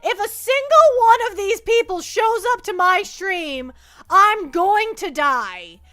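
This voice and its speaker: Very high, bright, excitable woman streamer. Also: slow. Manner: excitable, giggly, stammering. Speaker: VTuber streamer. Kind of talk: casual livestream chat.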